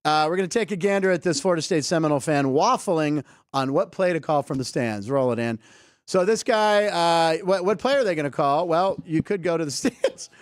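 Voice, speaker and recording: A man's voice: fairly high pitch, expressive, a little fast, no room sound, studio quality. A man hosting a sports comedy show, riffing casually and laughing often as he talks through clips. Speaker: host.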